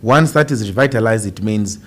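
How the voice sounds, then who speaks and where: A man's voice: on the low side, brisk. A Zambian man, a politician, answering radio interview questions in an impassioned, emphatic way with rhetorical questions. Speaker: politician guest.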